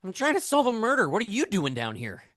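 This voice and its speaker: A man playing an eager, excitable teenage boy who duels with cards. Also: sits high, fast talker, dry recording, studio quality, voice pushed up, full character voice. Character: eager teen male card duelist.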